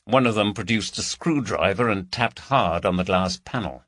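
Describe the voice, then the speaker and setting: A man narrating a crime audiobook in a measured storytelling voice. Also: fairly low pitch, a bit bright, dry recording, clean studio sound. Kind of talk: scripted narration.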